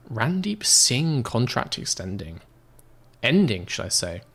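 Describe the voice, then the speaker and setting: A man's voice: medium pitch, very animated, measured pace, a bit bright. Joking man commenting on a game. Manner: sarcastic, self-mocking and joking. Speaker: game streamer. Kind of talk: casual gameplay commentary.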